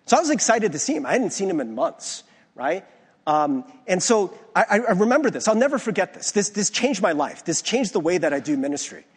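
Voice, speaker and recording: With a high, husky, sing-song voice and a fairly quick pace, this young man from the United States preaches a conversational sermon full of personal anecdotes and restarts. The recording carries the long reverb of a church sanctuary.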